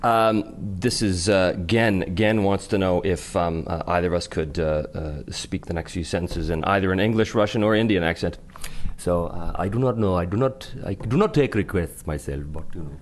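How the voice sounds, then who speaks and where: A man hosting a podcast, reading out listener questions, playful and quick to laugh. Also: low voice, slight background noise. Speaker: podcast host.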